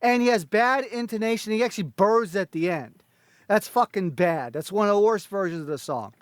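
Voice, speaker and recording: A man's voice: high voice, animated, brisk, no echo. A man ranking concert recordings, firing off a long list of blunt complaints and swearing constantly. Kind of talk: profane critical rant.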